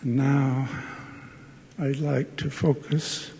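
Slow gravelly older man in a hall. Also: mid-range voice, little pitch movement, warm tone. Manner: slow, earnest storytelling with emotional exclamations. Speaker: university professor giving a devotional address. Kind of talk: personal storytelling speech. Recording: long reverb of a large hall.

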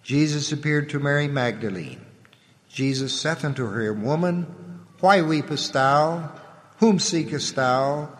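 A man giving a solemn, measured scripture reading, letting his voice drop at the ends of phrases. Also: on the high side. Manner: measured, reverent delivery with the voice dropping at phrase ends. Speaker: scripture reader. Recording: long hall reverb.

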